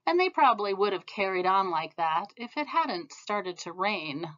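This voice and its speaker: A woman reading a children's picture book aloud in a gentle, expressive manner. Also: mid-range voice, normal speed, muffled recording. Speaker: storybook reader. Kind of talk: storybook read-aloud.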